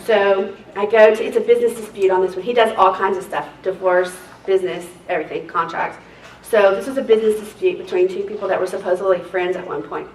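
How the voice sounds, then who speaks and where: A woman, a court reporter teaching a seminar, telling lively, laughing stories between exercises. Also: medium pitch, fast talker. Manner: chatty, laughing, lively storyteller. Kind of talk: casual storytelling lesson. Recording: roomy, distant mic, faint noise.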